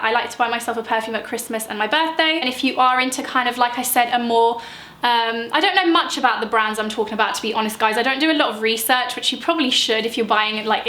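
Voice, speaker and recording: A chatty young woman, rambling and gushing as she reviews her collection. Her voice is crisp and bright and sits a little high. The room around her is echoey. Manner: gushing, rambling, lots of fillers. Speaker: beauty vlogger. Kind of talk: chatty product review vlog.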